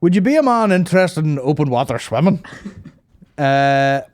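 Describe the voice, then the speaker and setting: A man's voice: fairly high pitch, very animated, moderate pace, a little mellow. Profane rambling Northern Irish man. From Northern Ireland. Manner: rambling, profane, laughing between riffs. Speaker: podcast host. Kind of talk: casual comedy chat.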